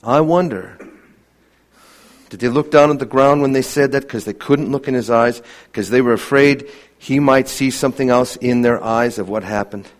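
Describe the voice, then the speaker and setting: A man preaching a sermon earnestly, asking many rhetorical questions and dropping to a hushed voice for emphasis. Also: mid-range voice, moderate pace.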